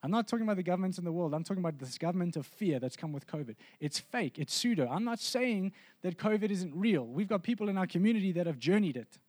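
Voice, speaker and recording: A man's voice: high-pitched, animated, quick pace, few pauses, a little mellow, no room sound. A man preaching a sermon as pastor, earnest and conversational, often restarting his sentences.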